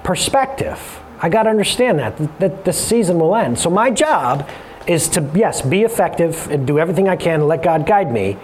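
A man in his thirties preaching a sermon in a conversational way, with jokey asides and quick self-corrections. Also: on the high side, sing-song, a little mellow, slight background noise. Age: 30s.

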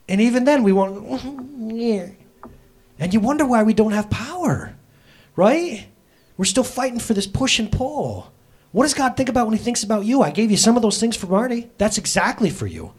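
A man preaching a sermon as a pastor, talking straight to his congregation in a conversational way, with jokey asides and quick self-corrections. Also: sits high, big pitch swings, husky.

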